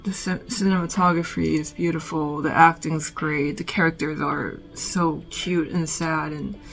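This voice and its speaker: A woman vlogging from her bedroom, talking about films in a reflective, halting way full of "like". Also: sits low, steady tone, vocal fry, soft background music, rough recording. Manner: reflective, halting, heavy use of "like". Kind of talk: casual film recommendations.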